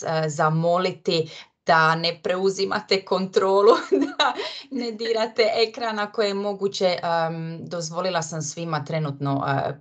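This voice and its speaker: A woman from Croatia co-hosting a webinar over a video call, friendly, laughing often and filling pauses with "um". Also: sits low. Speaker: webinar co-host.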